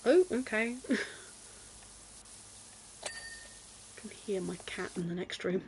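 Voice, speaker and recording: A young British woman chatting casually while streaming a game, self-deprecating and quick to giggle and exclaim. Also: mid-range voice, expressive, noisy background. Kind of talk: casual gameplay chat.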